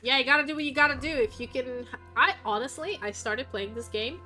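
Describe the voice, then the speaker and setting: Bright-voiced chatty woman with a Russian accent. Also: high voice, fairly quick, soft background music. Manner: rambling, chatty, swears freely. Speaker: streamer. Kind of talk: casual chat while gaming.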